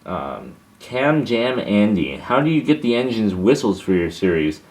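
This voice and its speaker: A man's voice: lowish voice, sing-song, unhurried. A young man answering viewer questions in a casual, hesitant monologue, with many fillers and restarts.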